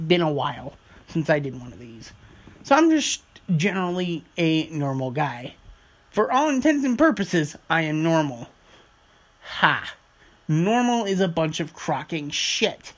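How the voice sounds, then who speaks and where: A man's voice: high-pitched, fairly bright tone. A man hosting his own podcast in a casual, rambling monologue, swearing freely as he talks. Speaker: podcast host.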